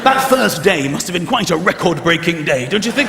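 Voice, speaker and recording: A man's voice: sits high, fairly quick, creaky, hardly any pauses, very noisy. A man doing live stand-up comedy on a big stage, acting out characters with big swings in his voice. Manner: animated, acts out characters with big shifts in voice. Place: large theatre stage with a loud audience. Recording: echoey theatre hall, loud audience.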